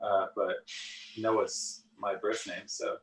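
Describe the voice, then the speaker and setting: A man's voice: fairly low pitch, little pitch movement, slow, over a noisy crowd. A man from the south of France, a podcast guest, chatting easily with lots of uhs over a remote call. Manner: easygoing, meandering, many uhs. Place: home room by the sea in England. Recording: roomy, distant call audio.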